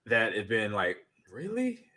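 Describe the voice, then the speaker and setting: A man in his forties co-hosting a casual podcast chat, reading out chat comments and acting out stories loudly. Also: fairly low pitch, normal speed. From California. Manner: animated storyteller, acts out scenes loudly. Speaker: podcast co-host.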